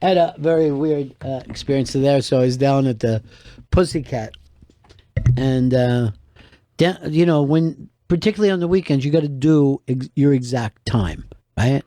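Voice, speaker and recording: Here the same kind of radio talk show host, a man who also performs stand-up, leisurely unspools dry, long-winded anecdotes. His voice is medium-pitched and warm, and there's no room sound in the recording.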